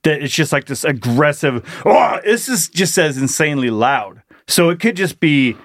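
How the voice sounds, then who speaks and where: Animated young man rambling through jokes. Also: fairly high pitch, no echo, studio quality. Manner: rambling, halting, swears freely. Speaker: podcast co-host. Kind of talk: crude casual comedy chat.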